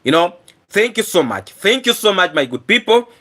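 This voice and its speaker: Streaming live, this man speaks at a moderate pace in a high-pitched, very animated voice that is hoarse yet sharp and bright when raised. He repeatedly clears his throat and thanks his viewers over and over with earnest sincerity.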